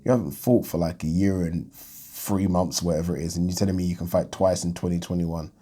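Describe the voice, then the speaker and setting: Male host, casual solo boxing commentary, low and warm delivery, blunt and chatty. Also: steady tone, brisk. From United Kingdom. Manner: chatty and blunt, thinking aloud with frequent ums.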